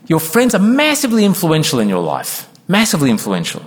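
Delivering a sermon in church, a man with a fairly high voice swoops wildly in pitch and speaks fairly quickly. As pastor he is earnest and emphatic, occasionally voicing quoted members of his congregation. The hall adds a long reverb.

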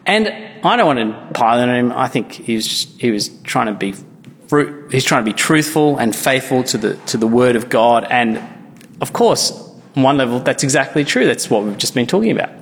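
A man, preaching a sermon as pastor in an earnest, conversational way with frequent restarts. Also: medium pitch. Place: church. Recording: church hall with long reverb.

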